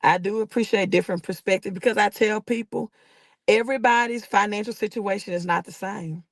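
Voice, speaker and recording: Southern woman with a gravelly, preachy voice. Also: medium pitch, brisk, no room sound. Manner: preachy, emphatic, talks straight to her viewers. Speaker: livestream host giving financial advice. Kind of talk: casual livestream talk. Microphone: phone.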